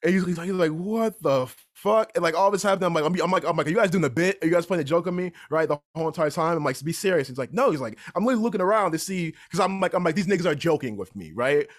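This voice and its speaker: A young man telling a story in casual chat, animated and repeatedly asking "right?". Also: fairly high pitch, rapid-fire, few pauses. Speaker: podcast guest storyteller.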